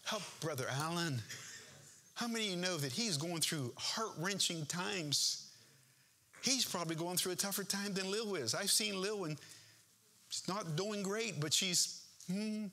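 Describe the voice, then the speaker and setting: A man's voice: sits high, a little slow, pushed and bright. A man preaching a sermon as pastor in a church, earnest and impassioned, building to emphatic peaks.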